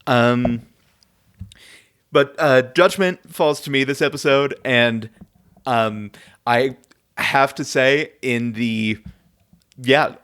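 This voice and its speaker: A man hosting a podcast in relaxed conversation. His voice sits at an ordinary middle pitch. He talks hesitantly, with lots of "um"s, and chuckles often. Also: slow, pauses often, smooth. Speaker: podcast host. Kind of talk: casual chat.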